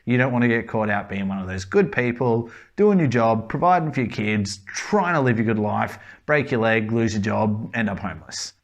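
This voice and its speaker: A man's voice: fairly low pitch, normal speed, few pauses. An Australian man giving blunt, casual opinions and swearing freely.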